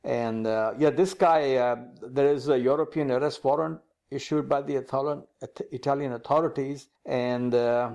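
A man co-hosting a motor racing podcast, reading news items in a lively, joking manner and calling his partner "sir". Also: medium pitch. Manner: animated, calls partner "sir". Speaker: podcast co-host. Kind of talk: casual news chat.

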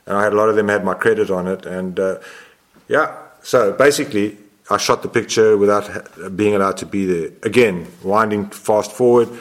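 A man's voice: fairly low pitch, moderate pace. A man in his sixties, a photographer guest in an interview, telling a long story in a rambling way, often correcting himself. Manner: rambling, self-correcting, animated.

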